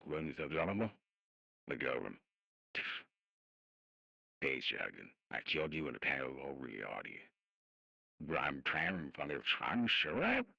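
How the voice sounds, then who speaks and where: A man using an AI voice changer preset that makes him sound like a gravelly male president, goofing around while testing it. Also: a bass voice, wildly swooping pitch, unhurried, long pauses, pushed and bright, lo-fi sound, voice pushed down, full character voice. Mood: goofy. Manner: goofy, testing the voice.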